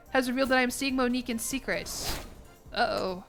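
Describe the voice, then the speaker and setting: A woman's voice: a little high, fast, gravelly, fairly bright tone, faint music behind. A young American woman chatting casually while streaming a game, joking, self-mocking, and laughing often. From United States. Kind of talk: casual live-stream gaming commentary.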